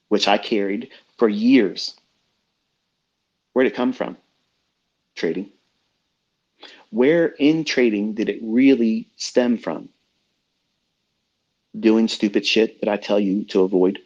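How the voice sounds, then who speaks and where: A man's voice: on the low side, a little mellow, husky. A middle-aged man talking as a trading mentor in a blunt, profane, preachy rant. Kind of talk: unscripted rant. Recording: dull lo-fi audio.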